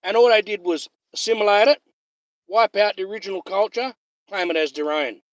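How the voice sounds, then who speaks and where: A man's voice: sits high, brisk, no echo. A man ranting heatedly on a livestream, swearing constantly and repeating himself. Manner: profane, heated, repetitive.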